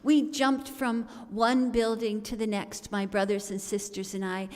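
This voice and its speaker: Theatrical woman storyteller, unhurried. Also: medium pitch. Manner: theatrical, comic, expressive delivery. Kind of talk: performed storytelling at a service. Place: large worship hall. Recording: long reverb of a large hall.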